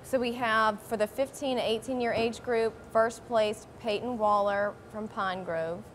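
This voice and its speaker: A woman's voice: a little high, steady tone, a little slow, a little hiss or hum. Woman, results reader, careful and hesitant on names. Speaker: tournament reporter. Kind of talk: reading results.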